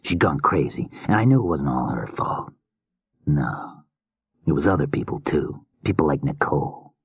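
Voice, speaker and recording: A man's voice: rumbling low, very animated, normal speed, husky, no echo, exaggerated voice. A man voicing an unhinged, weary male killer filmmaker in a slurred whisper, as whispered role-play in an audiobook.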